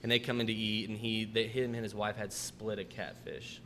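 A man's voice: on the low side, little pitch movement, moderate pace, fairly bright tone, slight background noise. A man, hosting a podcast and telling restaurant stories in a laid-back, profane, casual way, acting out his customers. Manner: laid-back, swears freely, acts out customers' lines. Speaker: podcast host, restaurant manager. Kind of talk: casual storytelling chat.

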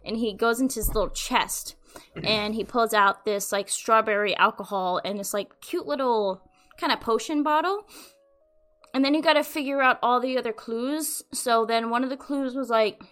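Young adult woman, casual podcast host; lively rambling storyteller with a slightly high pitch and light swearing, faint music behind. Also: moderate pace. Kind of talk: casual chat.

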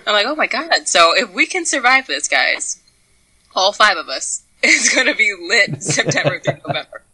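A young woman co-hosting a casual podcast, talking loosely and swearing, acting out her own reactions in high voices. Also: moderate pace, breathy edge, low-quality recording. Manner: animated, quotes herself in high voices, profane. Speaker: podcast co-host. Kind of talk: casual chat.

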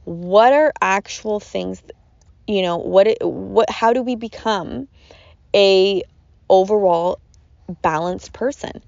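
A woman's voice: mid-range voice, slow pace, creaky, darkish tone, no room sound. A woman hosting a podcast, giving an earnest, rambling self-help talk that repeats its phrases, in a dull lo-fi recording. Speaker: podcast host.

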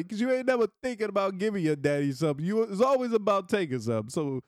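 Animated man with a lively, swinging voice. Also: fairly quick, dry recording, studio quality. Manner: animated, laughing, swings between low murmurs and excited high bursts. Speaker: podcast host. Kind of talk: casual solo podcast talk.

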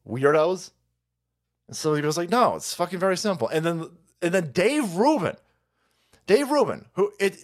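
A man hosting a livestream, ranting profanely and mockingly in political commentary. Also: high-pitched. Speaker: livestream host.

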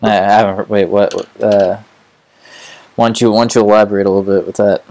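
A man's voice: lowish voice, little pitch movement, fast, creaky, a little mellow. A man co-hosting a podcast, casually chatting and asking questions to draw out a story. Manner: probing, prompting questions. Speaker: podcast co-host. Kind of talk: casual chat.

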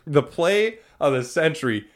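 Animated young man ranting about football. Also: fairly high pitch, a little slow. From Wisconsin. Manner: animated, laughing, exasperated. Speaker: sports podcast host. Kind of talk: casual sports talk.

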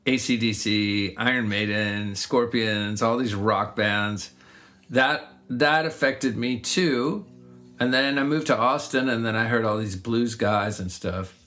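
A man's voice: lowish voice, unhurried, sharp tone, soft background music. A middle-aged man, a singer-songwriter, chatting casually and reflectively about his craft, often restarting his sentences. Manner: reflective, rambling, frequent restarts. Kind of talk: casual conversation.

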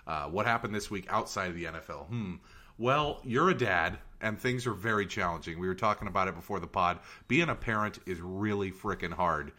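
A man co-hosting a podcast in casual chat, teasing and quick to laugh. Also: sits low, bright, forceful tone. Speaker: podcast co-host.

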